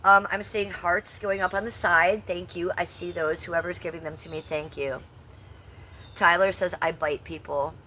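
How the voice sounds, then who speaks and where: A woman's voice: fairly low pitch, steady tone, normal speed, sharp tone, a little hiss or hum. A woman in her fifties chatting brashly on a live stream, reading out and answering the chat with blunt, salty humor. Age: 50s. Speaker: livestreamer.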